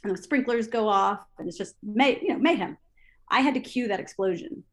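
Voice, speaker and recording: A woman recounting television production stories in an interview, lively, acting out her own past thoughts aloud with many fillers and restarts. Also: medium pitch, fairly quick. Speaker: interview guest, TV assistant director. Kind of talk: storytelling in an interview.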